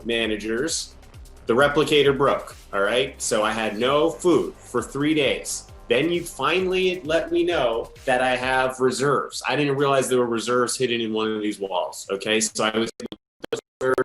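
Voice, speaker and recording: A man's voice: mid-range voice, fairly bright tone, roomy sound, lightly acted. A man playing a rambling space interviewer. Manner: rambling, tosses in "all right?" and "okay?". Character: rambling male space-station interviewer, fussy and awkward. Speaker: host of the sketch. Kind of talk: live improv comedy.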